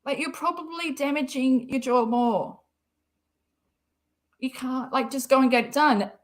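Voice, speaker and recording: Aussie woman on a live stream, slow and a bit high pitched, sarcastic and rambly. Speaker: live-stream commentary host. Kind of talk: casual live-stream commentary.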